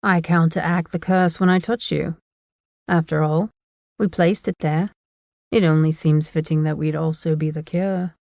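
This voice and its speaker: A woman reading as a cool, confident young male monster hunter in an audiobook, speaking softly and smugly. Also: low voice, steady tone, moderate pace, vocal fry, no echo, clean studio sound. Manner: soft, smug, teasing.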